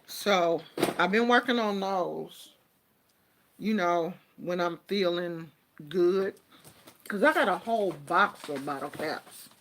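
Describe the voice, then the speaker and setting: A woman's voice: fairly low pitch, takes it slowly, slight background noise. A woman chatting casually to her viewers, with a Black way of speaking, telling stories and laughing often. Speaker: vlogger.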